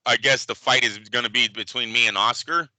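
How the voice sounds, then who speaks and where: A man co-hosting a boxing podcast, talking casually in an animated, profane, emphatic way. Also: mid-range voice, brisk, no room sound, poor audio. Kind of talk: casual sports chat.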